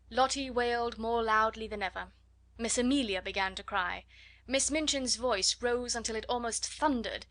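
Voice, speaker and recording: A woman narrating a classic children's novel in a measured storytelling manner. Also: on the high side, a bit bright, dry recording. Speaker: audiobook narrator. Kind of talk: scripted audiobook narration.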